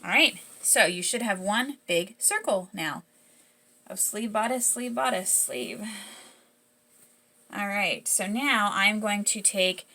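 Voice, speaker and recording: A woman's voice: mid-range voice, animated, slow pace, sharp tone. A woman with a Southern US accent hosting a casual sewing tutorial, chatty and easygoing, correcting herself as she works. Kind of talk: casual step-by-step sewing demonstration.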